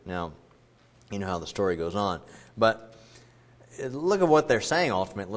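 A man's voice: on the low side, big pitch swings, moderate pace, long pauses. A man preaching a sermon as a pastor, conversational and joking as he retells the story.

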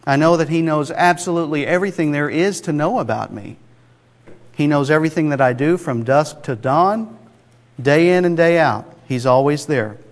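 A man's voice: on the high side, moderate pace. A man preaching a sermon in a conversational, emphatic way, with rhetorical asides to the congregation. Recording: long hall reverb.

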